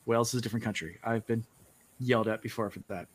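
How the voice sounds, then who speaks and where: Male co-host, relaxed storyteller, recaps scenes for a book podcast. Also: on the low side, fast, breathy edge. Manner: relaxed storyteller, quotes characters in his own voice. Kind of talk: casual book-discussion chat.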